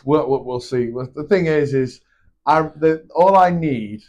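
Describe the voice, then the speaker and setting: A man's voice: a little high, a little slow, a little mellow. An easygoing male podcast host in casual chat. He answers briefly and moves his guest along with questions. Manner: easygoing, asks questions, short replies.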